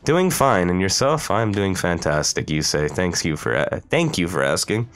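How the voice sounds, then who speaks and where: A young man chats and jokes crudely as he plays through a game, his voice sitting on the low side. Faint game music runs underneath. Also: animated, normal speed, a bit bright. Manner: joking, crude, playful banter. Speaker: game streamer. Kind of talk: let's play commentary.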